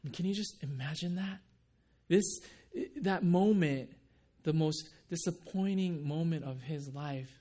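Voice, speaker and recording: A man's voice: on the high side, measured pace, warm tone. A man preaching a sermon, telling the story with many restarts and acting out the quoted lines. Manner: many restarts and repeated words. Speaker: pastor.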